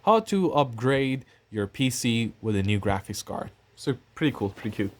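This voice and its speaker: A tech channel host walks casually through an unboxing, rambling and thinking out loud with fillers and a cough now and then. His voice is medium-pitched and animated, at a moderate pace.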